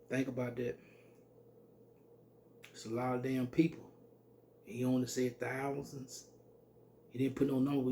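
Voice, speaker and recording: A man giving an informal scripture teaching, reading verses slowly and then commenting bluntly with salty language. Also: mid-range voice, vocal fry, dark tone, slight background noise. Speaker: religious teacher.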